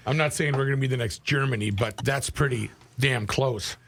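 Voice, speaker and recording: A man co-hosting a talk radio show, chiming in with questions and quick comments. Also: mid-range voice, gravelly, slight background noise. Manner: questioning, lively interjections. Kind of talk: casual talk radio banter.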